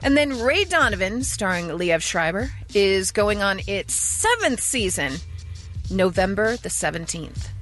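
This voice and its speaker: Lively woman radio host. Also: mid-range voice, a little slow, soft background music. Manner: lively, teasing, reads entertainment news. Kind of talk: morning radio banter.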